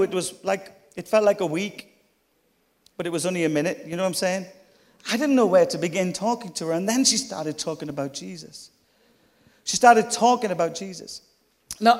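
A middle-aged man preaching a storytelling sermon, with chatty, humorous asides to the congregation. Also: sits high. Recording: long hall reverb.

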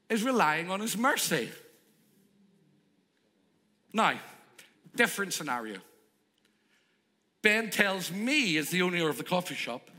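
A man's voice: high voice, in a large hall. A male preacher delivering a sermon in an emphatic way, acting out the stories he tells to make his point. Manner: animated, emphatic, plays out stories. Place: church.

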